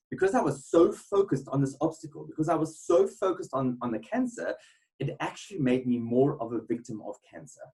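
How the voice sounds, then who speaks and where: A man's voice: medium pitch, a little mellow, rough recording. A man gives a motivational webinar talk built on a personal story. He speaks earnestly, with frequent ums and repeated words. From South Africa. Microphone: webinar mic.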